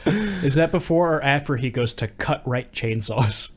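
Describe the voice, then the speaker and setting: A man's voice: mid-range voice, expressive, moderate pace. Enthusiastic podcast co-host man. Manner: short enthusiastic agreement. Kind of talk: casual chat.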